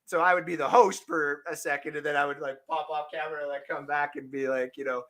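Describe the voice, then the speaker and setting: A man hosting a casual sports podcast, rambling and joking, breaking into shouted bits. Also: a little high, fairly even intonation, fast, few pauses. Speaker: podcast host.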